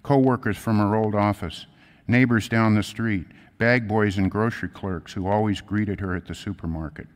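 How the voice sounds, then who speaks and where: A man giving a sermon, reading a story aloud and then telling his own, in an earnest, quiet and measured way. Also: lowish voice, steady tone, long reverb tail. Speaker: lay preacher. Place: church.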